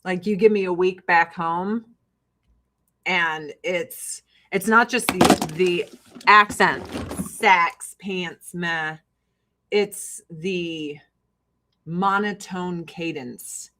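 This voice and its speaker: A middle-aged Illinois woman with a Chicago-area Midwestern accent hosts a livestream selling skincare, rambling casually and profanely while laughing often and mimicking people. Her voice is lowish, very slow, bright and forceful, and the audio is poor.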